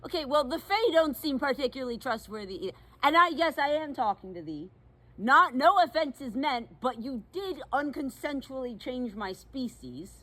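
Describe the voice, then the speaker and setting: A woman's voice: high voice, lively intonation, moderate pace, fairly bright tone. A woman playing a bossy young milkmaid turned fae in a one-sided comedy sketch, talking in mock-archaic, huffy, self-important tones. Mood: indignant.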